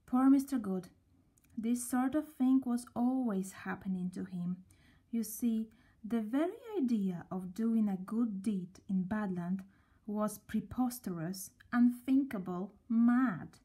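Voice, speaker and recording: A woman reading a children's story aloud, gently and at a slow, storybook pace. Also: mid-range voice, breathy edge.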